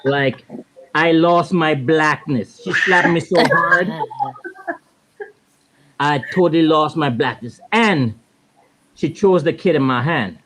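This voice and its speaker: A man in his thirties from the Virgin Islands with a Caribbean accent, telling a laid-back, animated story as a guest on a casual panel. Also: on the high side, takes it slowly, long pauses.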